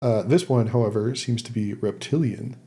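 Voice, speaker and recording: A man's voice: mid-range voice, moderate pace, warm tone. A man hosting a podcast, casually recapping a TV episode with frequent fillers and laughs. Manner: recaps plot loosely with many fillers and laughs. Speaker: podcast host summarizing an episode.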